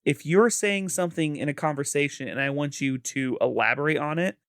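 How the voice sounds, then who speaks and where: A man's voice: a little high, brisk, a bit bright, smooth, no room sound, studio quality. A man co-hosting a podcast in casual chat, with a Midwestern American accent, playful and laughing often. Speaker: podcast co-host.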